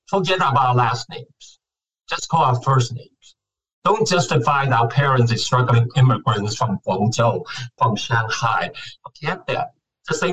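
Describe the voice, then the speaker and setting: Older guy venting about acting, husky, kinda distant mic, fired up. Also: medium pitch. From Hong Kong. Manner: passionate, venting, animated rhetorical questions. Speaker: guest actor. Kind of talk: casual interview chat.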